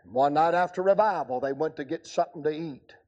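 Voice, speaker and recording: Older preacher man, high voice, folksy joking revival sermon. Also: a little fast, darkish tone. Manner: folksy storytelling with humor. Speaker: evangelist preacher.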